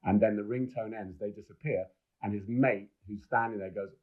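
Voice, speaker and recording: A man's voice: lowish voice, fairly even intonation, moderate pace. A middle-aged man, a film director and podcast guest, telling enthusiastic, rambling stories with many restarts. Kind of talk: casual podcast storytelling. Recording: dull lo-fi sound.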